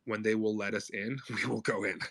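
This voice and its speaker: A man hosting a casual audio chat, talking fast and loose with swearing and lots of fillers. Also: no echo. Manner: fast, profane, energetic pitch talk. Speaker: host of a crypto media brand. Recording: audio stream.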